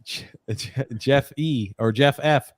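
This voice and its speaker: A man's voice: medium pitch, slow pace, no echo. Young guy hosting a podcast, reading out comments and laughing, dry sound. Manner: laughs often, reads comments aloud in a chatty way. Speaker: podcast host. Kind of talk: casual podcast chat reading viewer comments.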